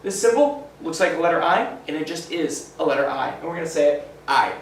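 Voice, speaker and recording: A male teacher giving a phonics lesson to children, sounding out letters slowly and encouragingly. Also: a little high, animated, a little hiss or hum. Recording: echoey room, mic at a distance.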